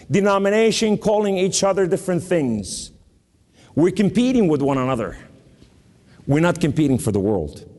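Slow, lively New York preacher. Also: male voice, high-pitched, long reverb tail. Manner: emphatic, preaching with scripture quotes. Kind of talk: sermon.

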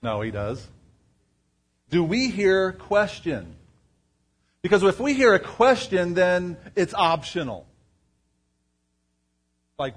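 A man's voice: high-pitched, big pitch swings, slow pace, pauses often, slightly rough. Man preaching a conversational sermon. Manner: conversational, asks the congregation questions. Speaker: pastor. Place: church before a congregation.

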